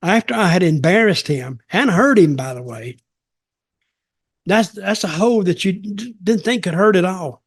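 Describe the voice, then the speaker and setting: A man's voice: high-pitched, expressive, normal speed, dry recording, studio quality. An older man hosting a podcast, telling a casual story in a rambling, blunt and profane way.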